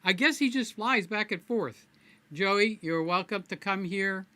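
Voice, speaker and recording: Bright-voiced man rambling on a live stream. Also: high voice, a little slow, dry recording. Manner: rambling, playful, addresses viewers by name. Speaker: livestream host. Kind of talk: casual live-stream chat.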